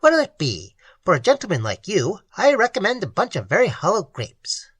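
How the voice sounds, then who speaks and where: A sly, uncanny gardener who coaxes his guests in a chummy, folksy drawl, as a storyteller puts him on. The delivery swings widely in pitch and sounds dry and close. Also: wildly swooping pitch, normal speed, breathy edge, no echo. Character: eerie otherworldly male gardener.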